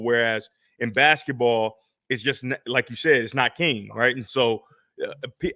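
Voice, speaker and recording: Bright, animated male co-host. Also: medium pitch, no room sound, clean studio sound. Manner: animated, conversational, rhetorical questions. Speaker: sports show co-host. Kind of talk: casual sports talk.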